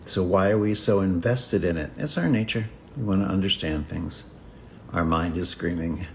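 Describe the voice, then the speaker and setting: Male spiritual teacher with a lower voice; unhurried, repetitive, meditative delivery for a live talk. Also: a little hiss or hum. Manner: slow, repetitive, contemplative phrasing with long pauses.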